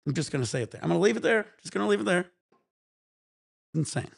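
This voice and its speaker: Gravelly, profane man rambling casually. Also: high voice, lively intonation, fast, dry recording, clean studio sound. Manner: rambling, profane, laid-back. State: high while talking. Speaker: vlog host. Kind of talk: casual chat.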